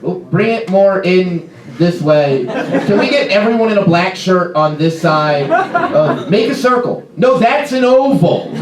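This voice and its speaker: A man playing a fussy young male punk band frontman who gives loud stage commands and fussy corrections, heard from a distance in a roomy club over audience laughter. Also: sits high, lively intonation, measured pace, a crowd in the background, pitched above the performer's own voice. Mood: rowdy.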